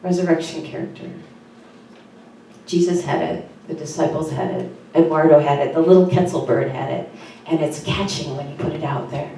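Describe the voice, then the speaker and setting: A woman pastor giving a sermon in an earnest, conversational way, with soft fillers, in a church sanctuary. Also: low voice, fairly even intonation, a little fast, few pauses, slight background noise. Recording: very echoey room from far off.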